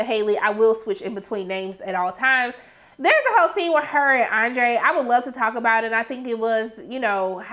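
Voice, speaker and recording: Animated high-voiced woman recapping a show. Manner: animated, dramatic quoting and asides. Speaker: TV show reviewer. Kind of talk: casual recap commentary.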